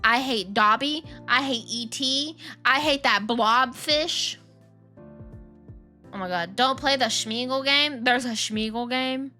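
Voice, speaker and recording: Young woman streamer ranting n laughing, slow bright voice, faint music in the back. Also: high voice. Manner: animated, ranting, slangy, laughing. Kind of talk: casual chat while gaming.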